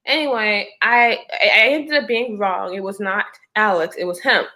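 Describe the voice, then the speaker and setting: A pregnant woman chatting to her viewers, telling a personal story in a lively, expressive way. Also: mid-range voice, moderate pace. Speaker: vlogger. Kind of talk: casual storytime chat.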